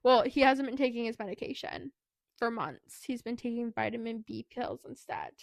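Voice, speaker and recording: A woman's voice: a little high, fairly even intonation, moderate pace, vocal fry, dry recording, studio quality. A woman co-hosting a podcast, casually retelling a book's plot in a chatty way, with plenty of "like" and "anyway". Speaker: podcast co-host. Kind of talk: casual book recap.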